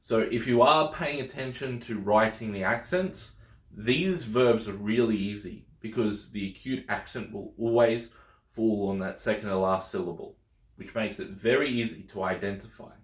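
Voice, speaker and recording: A man with a fairly low voice teaches a video lesson at an unhurried pace. He explains patiently and keeps checking that listeners follow. The sound carries a noticeable room echo. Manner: patient, repeats with checks of "okay?". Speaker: Greek teacher.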